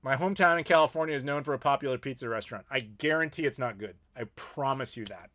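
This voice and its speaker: A man's voice: medium pitch, fast talker, bright, forceful tone. A middle-aged American man hosting a casual live Q&A, ranting playfully and reading viewer messages. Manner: opinionated, playful ranting with laughs. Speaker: YouTube host.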